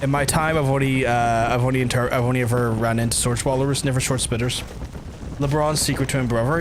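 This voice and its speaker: A man with a Belfast accent rambles and jokes to his chat while he plays, cursing freely between asides. His voice sits at a middling pitch. Clear game noise with hoofbeats and gunfire runs under his talk. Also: fairly even intonation, brisk. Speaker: game streamer. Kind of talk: casual gameplay commentary.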